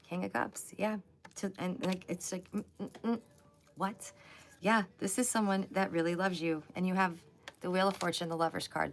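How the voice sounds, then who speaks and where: Woman, low voice, chatty tarot reader, talks to the viewer and laughs a lot, noise behind her. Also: vocal fry. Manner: excitable, chatty, laughs often. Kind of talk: live tarot reading.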